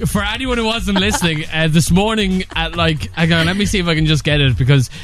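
Man, morning radio host, playful and quick to laugh. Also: on the high side, slight background noise. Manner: lively, joking, quick to laugh.

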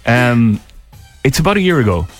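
A man's voice: medium pitch, sing-song, moderate pace, soft background music. Joking Irish radio host, man. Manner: joking, playful. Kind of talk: breakfast radio chat.

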